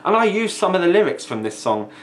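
A man's voice: high voice, big pitch swings, fast talker, slight background noise. Sweary, mocking man ranting. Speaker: video ranter. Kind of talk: angry vlog rant.

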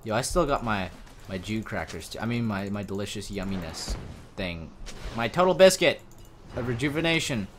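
A young man giving casual gameplay commentary, excitable and prone to loud shouts and cursing. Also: lowish voice, normal speed, slight background noise. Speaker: gamer. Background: game music.

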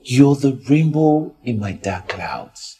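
An actor playing a smooth-talking young man with a Nigerian accent, coaxing and sugary. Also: mid-range voice, animated, slow, dark tone. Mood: tender. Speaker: lover off to London.

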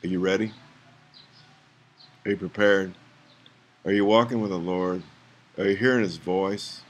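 A man's voice: low voice, fairly even intonation, unhurried. A man in a frustrated, preachy rant to his viewers, firing rhetorical questions and urging them to act. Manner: trails off into mutters, then rises to urgent pleas. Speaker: vlogger.

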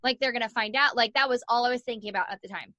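A young woman telling a story as a podcast guest, animated, acting out the voices of the people in it and saying "like" a lot. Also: fairly high pitch, racing, no room sound, muffled recording. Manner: animated, acts out voices in her stories, says "like" a lot. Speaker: guest, sports journalist and podcaster. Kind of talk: casual storytelling in an interview.

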